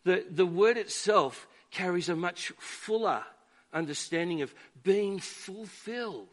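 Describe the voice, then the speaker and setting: A man preaching a sermon to a church, measured and emphatic, with deliberate pauses. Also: sits high, expressive. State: dry throat.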